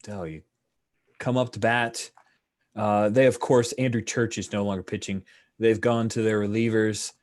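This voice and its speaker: Brief: lower-voiced male game master, easygoing and talkative, calling a tabletop ballgame over a call. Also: normal speed. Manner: relaxed, chatty, full of fillers, commentator flourishes. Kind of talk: narrating a tabletop baseball game. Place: online call with screen sharing.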